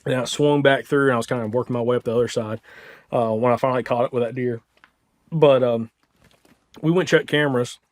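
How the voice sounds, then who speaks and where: A man with a Southern US accent, hosting a podcast, tells a hunting story in an excited, casual way, full of "like" and "dude". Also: medium pitch, a little fast. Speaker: podcast host.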